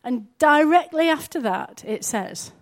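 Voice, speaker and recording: High-voiced woman preaching. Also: lively intonation, unhurried. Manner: earnest, conversational preaching with rhetorical questions. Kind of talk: sermon.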